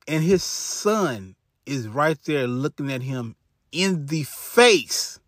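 A man's voice: fairly high pitch, fairly bright tone, no echo, studio quality. A man telling a true crime story in a casual, slangy way full of fillers.

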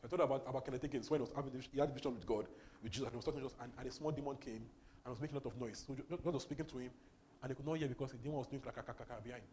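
A man preaching a sermon, emphatic, repeating words and swinging between loud and soft. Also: mid-range voice, steady tone, very fast. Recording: faint background noise.

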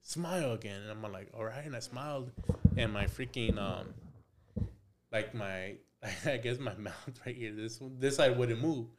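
A man's voice: medium pitch, unhurried, heavy background noise. A man who works as a tattoo artist, telling stories as a podcast guest in a casual, profane, slangy way, dropping in Spanish phrases and acting out both sides of old conversations.

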